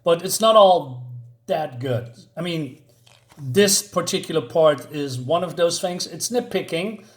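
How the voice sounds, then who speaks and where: Chatty man with a somewhat high voice. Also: lively intonation, a little slow. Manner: chatty, many fillers and asides. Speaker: comic book reviewer. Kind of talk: casual review talk.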